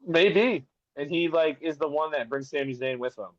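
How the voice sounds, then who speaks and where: A man joining a wrestling podcast as a remote guest, relaxed and laughing easily as he chats. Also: on the high side, moderate pace, no room sound, muffled recording. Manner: relaxed, laughs easily, fantasy-booking enthusiastically. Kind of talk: casual wrestling podcast chat.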